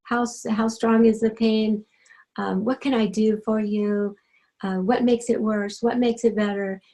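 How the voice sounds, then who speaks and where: A middle-aged woman, an animal communicator, telling her own story in a gentle, chatty way, full of ums and you-knows. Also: medium pitch, flat delivery, unhurried, poor audio. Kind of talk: personal storytelling talk.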